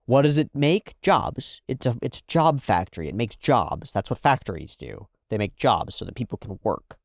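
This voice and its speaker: A man hosting a reaction video, talking casually and animatedly, swearing freely and swinging between loud outbursts and hushed asides. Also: medium pitch, sing-song, moderate pace, gravelly, no room sound, studio quality.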